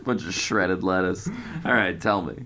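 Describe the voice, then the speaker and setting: A man's voice: low-pitched, moderate pace, sharp tone, slight background noise. A man co-hosting a podcast, throwing in short dry quips during casual comedic banter. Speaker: podcast co-host.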